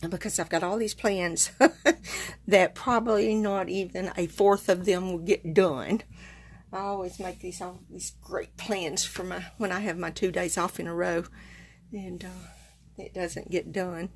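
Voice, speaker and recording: A woman's voice: lowish voice, gravelly. A woman chats casually on a live stream, greeting viewers one by one. She sounds a little tired and her speech is loose, with fillers, restarts and small laughs. A faint hiss of noise sits under her voice. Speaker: card-making demonstrator hosting a live stream.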